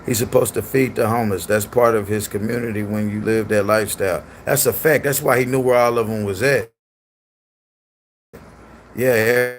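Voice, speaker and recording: A man's voice: medium pitch, a little hiss or hum. A man hosting a livestream who chats casually, in a loose, profane and repetitive way. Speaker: livestream host.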